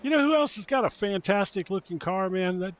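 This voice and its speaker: A man's voice: high voice, expressive, fairly quick. Chatty, laughing male race commentator. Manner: chatty, laughs easily, loose and rambling. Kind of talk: casual sim racing commentary.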